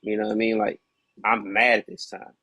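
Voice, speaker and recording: A man's voice: fairly low pitch, little pitch movement, brisk, vocal fry, bright, forceful tone, dry recording. A man guesting on a podcast, casually and candidly telling a hard personal story, peppered with "you know what I mean.".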